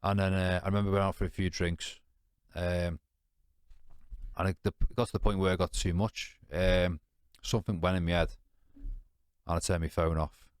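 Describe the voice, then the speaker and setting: A deep, clear, resonant male voice with little pitch movement, at normal speed in a clean, echo-free studio recording. He's a podcast guest chatting in informal British slang, bluntly swearing through a candid personal story. Rambling, restarting, and leaning on fillers, he often asks "you know what I mean".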